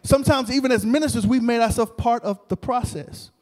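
Male preacher, high voice, animated storytelling sermon in a church hall with a long echo. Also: brisk. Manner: animated, repetitive, talks to the crowd. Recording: long reverb of a large hall.

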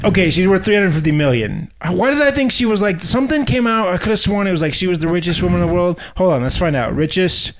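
A man's voice: high-pitched, expressive, fast, hardly any pauses. A man co-hosting a podcast, rambling and joking in casual chat with lots of fillers. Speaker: podcast co-host.

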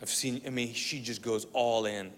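A man from the Middle East preaching a sermon, telling a story with acted-out dialogue and moving between loud bursts and quiet, hushed lines. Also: mid-range voice, fairly even intonation, a little slow, slight background noise. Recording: long reverb of a large hall.

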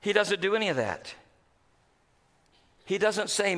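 High, bright-voiced preacher man. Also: very animated, measured pace, pauses often. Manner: dramatic swings from loud to hushed. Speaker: pastor. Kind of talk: sermon.

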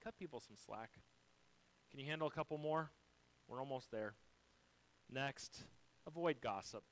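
A man preaching a sermon to his church. He moves from near-shouted emphasis down to hushed, gentle lines, and quotes scripture in a slow, deliberate voice. His pitch sits in an ordinary middle range. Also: low-quality recording. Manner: dynamic preaching, swinging from loud to soft, quoting scripture. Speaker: pastor.

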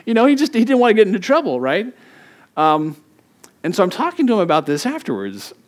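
A middle-aged man preaches in a relaxed, conversational way. He tells stories with animated quoted voices and frequent laughs, then drops into quieter reflective reading of scripture. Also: high-pitched, fast talker. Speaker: pastor. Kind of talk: sermon.

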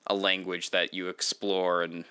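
A man with a low but bright voice hosts a casual interview. He circles around his questions with plenty of fillers. The sound is dry and close. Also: flat delivery, measured pace, clear, resonant tone, dry recording. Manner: rambling, filler-heavy questions. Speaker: podcast host.

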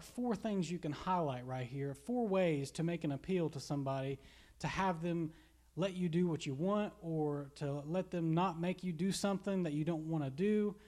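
A man's voice: high-pitched, a little mellow. A pastor giving a casual, conversational sermon, rambling a little and repeating words as he goes. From Kentucky. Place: church.

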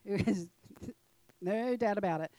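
A middle-aged woman, telling a personal story to a congregation in an animated, laughing way. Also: mid-range voice, takes it slowly, no echo, low-quality recording. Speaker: church speaker.

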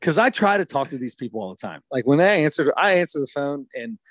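Animated man in his thirties telling stories. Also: a little high, fast, no echo, clean studio sound. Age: 30s. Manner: animated storyteller, quotes others in lively acted voices. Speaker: podcast co-host. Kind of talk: casual storytelling chat.

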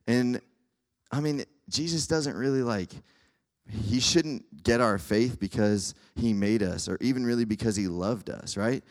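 A man's voice: medium pitch, unhurried, darkish tone. A young man preaching a casual sermon to students, keeps checking in with his listeners. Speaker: campus ministry speaker.

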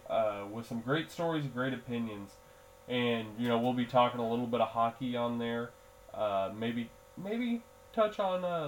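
A man's voice: mid-range voice, slight background noise, rough recording. A man hosting a solo sports podcast, talking casually in a groggy early-morning voice, rambling with fillers and restarts. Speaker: podcast host.

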